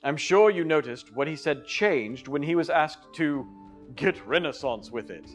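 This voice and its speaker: A man's voice: on the high side, animated, measured pace, soft background music. A man in a put-on English accent narrating a training video in a playful, theatrical and emphatic way.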